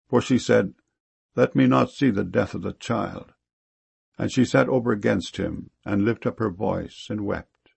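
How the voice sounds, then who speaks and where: Gravelly low-voiced man reading scripture. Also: darkish tone, no room sound. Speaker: scripture reader. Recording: dull, lo-fi sound.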